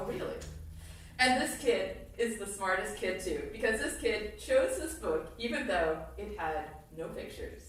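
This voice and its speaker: A woman's voice: fairly high pitch, a little hiss or hum. A woman reading a silly children's book aloud to kids during a congregation service, playful and laughing, making goofy sounds. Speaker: reader of the children's story. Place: congregation meeting room. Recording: very echoey hall, voice far from mic.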